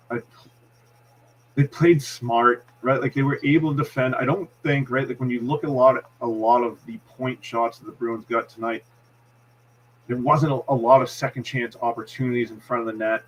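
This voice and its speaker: Male hockey analyst, Boston accent, methodical play-by-play explainer, mid pitch, slight background hum. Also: level tone, moderate pace, long pauses, low-quality recording. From Massachusetts. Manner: analytical, explains plays step by step with many restarts. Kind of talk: postgame hockey breakdown.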